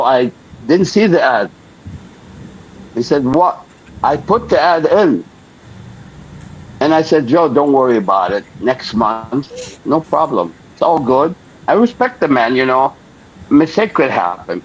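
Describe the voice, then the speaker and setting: An interview guest, an older man from Lebanon, tells a story in a mid-range voice, animatedly imitating the people he describes. The recording sounds dull and lo-fi, with a bit of hiss or hum.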